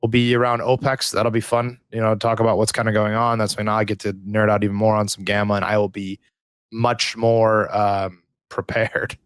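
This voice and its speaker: A man co-hosting a podcast, chatting casually and telling stories in an animated way, swearing freely. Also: on the low side, moderate pace, clear, resonant tone, no room sound. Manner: profane, animated storytelling. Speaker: podcast co-host. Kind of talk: casual chat.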